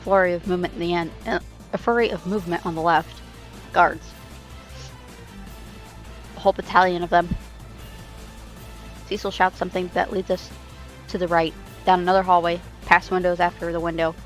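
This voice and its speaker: A woman reading a dark first-person story aloud on a stream, intense and halting, with restarts. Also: on the low side, little pitch movement, faint music behind. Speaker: reader. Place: home streaming setup. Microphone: streaming mic.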